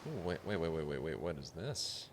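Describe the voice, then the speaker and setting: A man's voice: a bass voice, expressive, fairly quick, noisy background. A man streaming a game, muttering reactions and reading the game text aloud. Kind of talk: casual gameplay commentary. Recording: game music playing behind voice.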